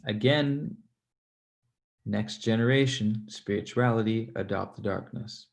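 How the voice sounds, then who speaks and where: A man hosting a casual livestream, reading viewer comments aloud, animated and swearing freely as he talks. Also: fairly low pitch, a little slow, vocal fry. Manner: animated, swears freely, laughs between points.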